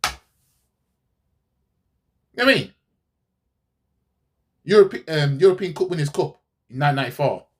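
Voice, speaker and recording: A man's voice: fairly high pitch, lively intonation, moderate pace, long pauses, a little hiss or hum. A man hosting a fan channel, ranting sarcastically in a heated football reaction, repeating himself as he goes.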